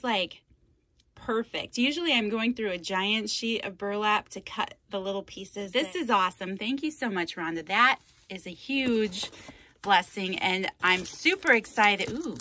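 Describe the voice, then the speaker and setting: A craft channel host opens mail on a casual vlog, unpacking a box of supplies and gushing over it. Her medium-pitched, sharp voice is effusive as she thanks the viewer again and again.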